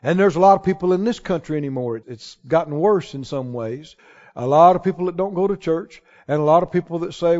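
High-voiced preacher in a big echoing hall. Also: male voice, moderate pace. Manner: emphatic, rising to shouts on key lines. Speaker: pastor. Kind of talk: sermon. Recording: dull sound with long hall reverb.

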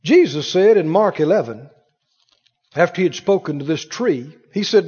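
A man preaching from the pulpit in a high, husky voice that leaps up and down in pitch. He drives his points hard, then drops to a near hush. The recording is dull and carries a long church-hall echo. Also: expressive, moderate pace. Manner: emphatic preacher, swings from loud to hushed. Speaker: pastor. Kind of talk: sermon. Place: church sanctuary.

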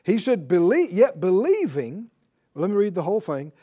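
A man preaching with a high, very animated voice that leaps up and down as he talks. He keeps the sermon lively, laughing often and tossing "right?" to his listeners. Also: moderate pace. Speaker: pastor.

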